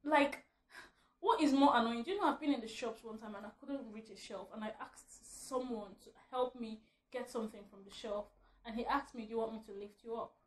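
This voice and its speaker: Woman vlogger, high voice, ranting and laughing, echoey room at home. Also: a little fast, a little hiss or hum. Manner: animated, laughing mid-rant. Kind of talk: ranting vlog.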